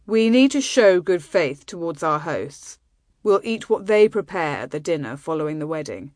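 A woman's voice: lowish voice, big pitch swings, moderate pace, darkish tone, dry recording, studio quality. A woman voicing a stern young male warrior prince who speaks firmly and commandingly to his men. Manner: firm, commanding.

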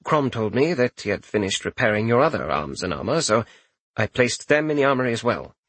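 A man voicing a formal, loyal male chamberlain who speaks in a low, measured, deferential way. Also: big pitch swings, fairly bright tone, breathy edge, dry recording. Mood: grave.

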